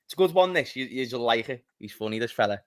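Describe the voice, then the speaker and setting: A man with a Scouse accent, co-hosting a football stream and telling stories in relaxed chat. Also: mid-range voice, fast, crowd noise. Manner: relaxed, chatty storytelling. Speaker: co-host. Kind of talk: casual chat.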